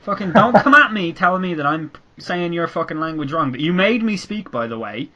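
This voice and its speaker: A man's voice: a little high, expressive, fairly quick, bright, forceful tone, dull audio. Sweary Irish man hosting a podcast. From Ireland. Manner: sweary, sarcastic banter. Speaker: podcast host. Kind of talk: casual podcast chat.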